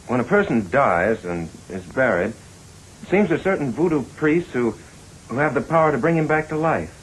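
A man plays a grave figure in an old film clip who explains things in a mid-pitched, level voice. Faint hiss sits under the speech. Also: animated, moderate pace, close to an everyday voice, rough recording. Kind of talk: film dialogue.

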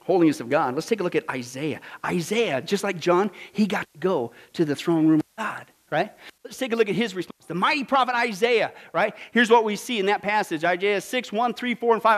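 A man preaching a dramatic sermon, asking the congregation questions and swinging from hushed whispers to loud exclamations. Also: sits high, lively intonation, a little fast. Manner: asks the congregation rhetorical questions.

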